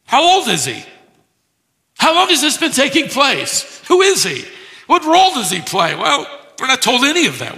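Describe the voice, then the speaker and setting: Male preacher, emphatic teaching delivery, very bright tone, rhetorical questions. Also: extremely high pitch, long reverb tail. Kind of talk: expository sermon.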